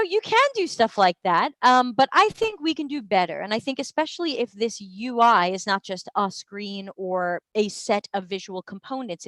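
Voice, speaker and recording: Chatty higher-pitched American woman. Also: fairly bright tone, no echo. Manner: conversational and explanatory, with frequent fillers and restarts. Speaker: UX research consultant hosting live office hours. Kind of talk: live-stream Q&A, casual teaching.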